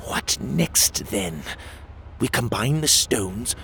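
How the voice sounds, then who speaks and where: A man's voice: mid-range voice, very animated, slow, gravelly, bright, forceful tone, slight background noise, full character voice. A man voicing a proud, bitter old queen who commands a ship, speaking in a clipped, resentful way in a storybook reading.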